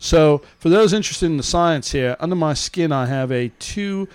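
A man voicing a brash Aussie bloke who reads a news story, in a loud, hammy mock Australian accent that keeps adding "mate". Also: fairly high pitch, lively intonation, moderate pace, clear, resonant tone, no echo, close to an everyday voice. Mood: reading. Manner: tacks "mate" onto his lines, loud and hammy.

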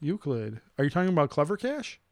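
A man co-hosting a casual chat, joking around and slowly spelling out codes. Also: on the high side, very animated, no room sound. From Chicago area. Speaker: podcast co-host.

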